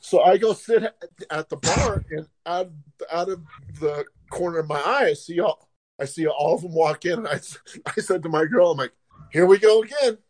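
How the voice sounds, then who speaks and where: A man telling a story in casual podcast chat, animated, swearing and laughing, acting out quotes loudly. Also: a little high, normal speed.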